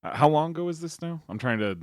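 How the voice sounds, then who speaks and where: A man's voice: a little high, lively intonation, quick pace, darkish tone, dry recording, studio quality. A man guest on a podcast, chatting in a laid-back way that trails off. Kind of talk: casual chat.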